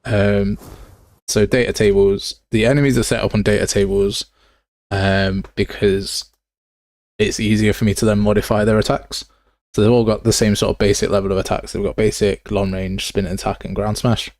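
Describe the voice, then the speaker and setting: A man's voice: on the low side, little pitch movement, normal speed, a little mellow, dry recording. A young man streaming game development live, chatting casually with viewers and calling them mate and pal. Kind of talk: live coding stream chat.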